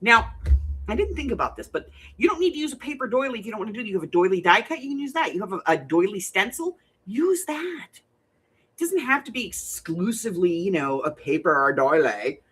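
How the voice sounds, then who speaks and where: A woman with a husky, mid-range voice, fairly bright in tone, hosts a casual craft livestream from her home crafting room. She talks fairly quickly in a sing-song way, chatty and jokey, rambling a little and laughing often as she gives out prompts.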